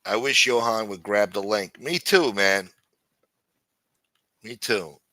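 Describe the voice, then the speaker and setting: A man's voice: lowish voice, slow, sharp tone, no room sound. A man hosting a livestream show in casual, rambling chat, cursing freely and saying "you know" a lot.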